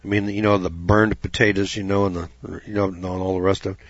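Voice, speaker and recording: A man's voice: low voice, little pitch movement, quick pace, dry recording. Folksy man, rambling preacher talk. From United States. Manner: rambling, repeats "you know", asks the listener questions. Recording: dull dry lo-fi recording.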